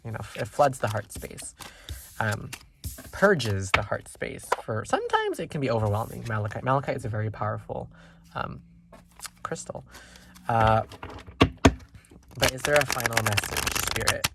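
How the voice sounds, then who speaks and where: A tarot reader talking through a casual pick-a-card reading. The delivery wanders and is full of ums and likes as the reader thinks aloud. The tone stays gentle and reassuring, and the voice sits at an ordinary middle pitch. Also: very animated, normal speed, long pauses, very noisy. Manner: gentle and reassuring toward viewers.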